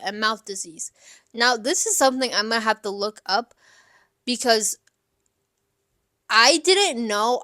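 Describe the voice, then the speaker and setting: A woman's voice: mid-range voice, no room sound, clean studio sound. Chatty young woman giving casual advice. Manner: chatty and candid, many "like" fillers, lively asides. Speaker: advice show host.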